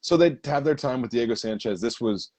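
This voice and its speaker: A man's voice: mid-range voice, brisk, darkish tone. A man co-hosting a casual podcast, telling a story in a rambling, profane way. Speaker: podcast co-host. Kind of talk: casual chat.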